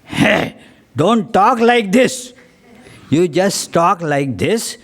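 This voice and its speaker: A man's voice: medium pitch, sing-song, takes it slowly. A man voicing an exasperated middle-aged wife scolding her husband in a nagging tone.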